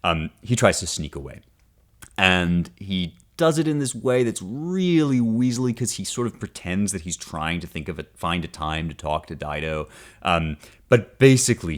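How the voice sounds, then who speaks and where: Deep-voiced man explaining a classic poem. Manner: conversational, often checks in with "right?"; wry and animated, reads passages aloud then unpacks them. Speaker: podcast host. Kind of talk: casual teaching talk on a classic poem.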